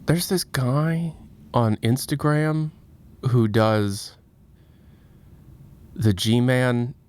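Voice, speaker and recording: A man's voice: mid-range voice, a little mellow. Casual male streamer, rambling and self-deprecating, swears freely. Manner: rambling, self-mocking and profane. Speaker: livestream host.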